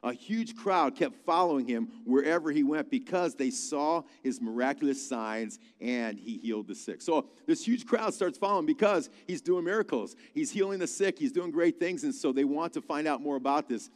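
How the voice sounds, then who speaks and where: A man's voice: on the high side, moderate pace, few pauses. Male pastor, chatty storytelling sermon, recorded in a big reverberant hall. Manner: conversational, animated storytelling with asides. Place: large church hall.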